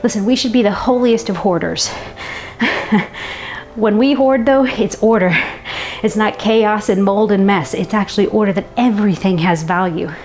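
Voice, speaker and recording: A woman preaching a sermon in a reflective, earnest way, breaking into soft laughs now and then. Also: mid-range voice, moderate pace.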